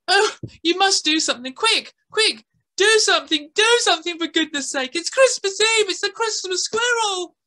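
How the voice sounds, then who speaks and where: A woman voicing an excited young girl who gushes and wails dramatically in a told story. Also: extremely high pitch, moderate pace, pitched above the performer's own voice, full character voice. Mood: panicked. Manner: breathless, squealing, melodramatic.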